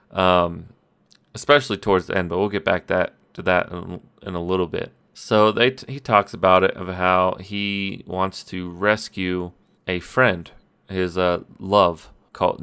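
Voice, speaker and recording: This man's voice is low-pitched, clean and fairly bright as he casually recaps, as game master, his tabletop game session on a solo podcast recorded with an audio-only mic. He rambles, mocks himself, restarts, and drops in quick quoted voices.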